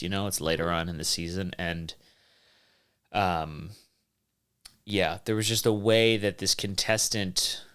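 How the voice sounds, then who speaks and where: Smooth low-voiced man rambling on his podcast. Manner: animated, joking, swears freely. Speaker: podcast host. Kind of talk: rambling solo podcast monologue.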